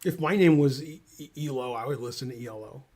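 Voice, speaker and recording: A man commentating a chess game on a live stream, with dry, deadpan wisecracks. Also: medium pitch, fast talker.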